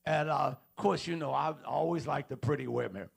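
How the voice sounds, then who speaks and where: A man's voice: medium pitch, moderate pace, creaky, breathy edge. A man preaching a sermon in a church auditorium, repeating questions and calling out to the congregation. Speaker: pastor.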